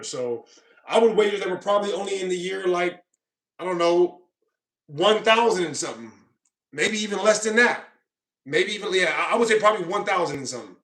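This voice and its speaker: On a live stream, a man with a high, fairly bright voice reads viewer comments and argues back defensively, lecturing the commenters. He keeps asking "you know what I mean."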